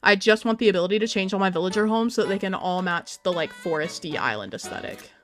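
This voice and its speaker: This live-stream host, a talkative young woman, reads and responds to viewer chat aloud as she plays a game. She speaks quickly in a medium-pitched, slightly bright voice. There is faint music behind her.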